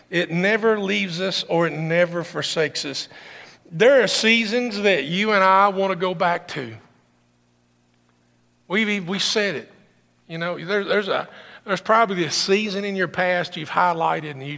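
Gravelly, bright-voiced man preaching. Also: a little slow, big-room sound. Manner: impassioned preaching that swells loud and high. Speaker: pastor. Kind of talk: sermon.

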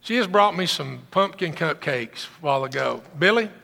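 Gravelly, bright-voiced man preaching. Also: expressive, moderate pace, in a large hall. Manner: impassioned preaching that swells loud and high. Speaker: pastor. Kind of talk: sermon.

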